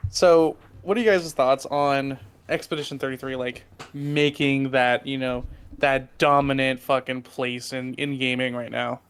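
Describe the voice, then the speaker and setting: A man's voice: medium pitch, fairly even intonation, measured pace. A man hosting a casual podcast chat, talking loosely and swearing freely. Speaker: host and server owner.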